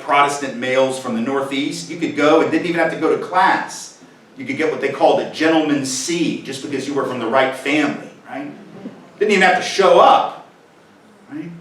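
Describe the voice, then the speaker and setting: A man's voice: on the high side, a bit bright, a little hiss or hum. Punchy lecturing man in an echoey hall. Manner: rhetorical, punchy, keeps asking the audience "right?". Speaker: guest speaker. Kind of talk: public lecture. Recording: echoey hall, mic at a distance.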